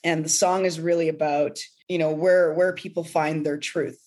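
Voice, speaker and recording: A woman's voice: sits low, steady tone, normal speed, a little mellow. A woman singer-songwriter talking in a heartfelt, emotional way during a podcast interview, often laughing. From pastor's kid.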